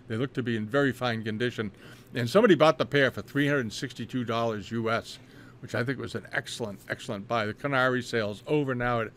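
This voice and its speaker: A man's voice: medium pitch, fairly bright tone, slight background noise. Rambling man commenting on auction lots. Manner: rambling, frequent fillers and restarts. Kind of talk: casual spoken commentary.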